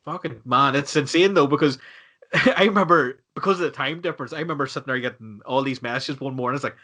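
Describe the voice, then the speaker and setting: A man hosting a podcast in casual chat, reacting quickly and swearing casually. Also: medium pitch, sharp tone. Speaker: podcast host.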